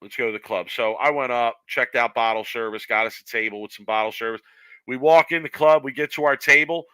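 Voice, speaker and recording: Bright, lively storytelling man. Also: medium pitch, a little fast, clean tone, no room sound, low-quality recording. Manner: animated storyteller, acts out quoted voices. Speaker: podcast co-host. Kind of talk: casual storytelling chat.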